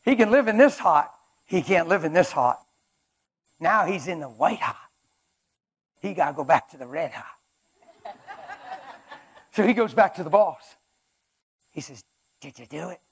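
Man, preacher, sermon, emphatic, animated, high voice. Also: measured pace, long pauses, husky. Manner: emphatic, animated, acts out skits.

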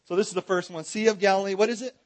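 A man's voice: sits high, fairly even intonation, rapid-fire. A man teaching a Bible seminar in a church, joking with and directing his audience.

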